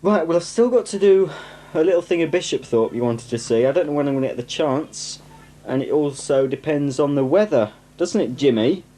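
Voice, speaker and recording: A young man with a northern English accent rambles cheerfully about his collection in a 1990s camcorder home video, filmed indoors at home on a tripod-mounted camcorder mic. His fairly high, dark-toned voice is expressive and a little fast, and he's self-mocking and full of asides.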